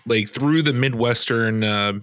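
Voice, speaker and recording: A man's voice: mid-range voice, a little slow, fairly bright tone, dry recording. Man co-hosting a casual chat. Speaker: podcast co-host.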